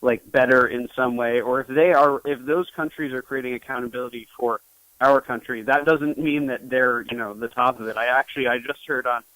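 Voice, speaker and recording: A young man, a journalist guest, talking in an interview in a halting way with many restarts. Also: medium pitch, steady tone, fairly bright tone, no room sound, poor audio. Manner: hesitant, full of restarts. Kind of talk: interview conversation.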